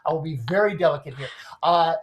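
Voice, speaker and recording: Animated male sports writer explaining. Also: fairly high pitch, fast, muffled recording, slight background noise. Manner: animated, explains with everyday comparisons. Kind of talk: casual podcast discussion.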